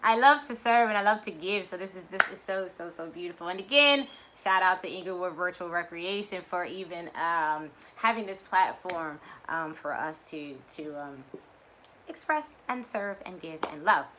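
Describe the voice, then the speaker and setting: A woman's voice: lowish voice, normal speed, pushed and bright, a little hiss or hum. A woman leading guided breathing and a motivational talk in a live virtual session, effusive and chatty with lots of "you know". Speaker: affirmation and mindset teacher leading a weekly online session.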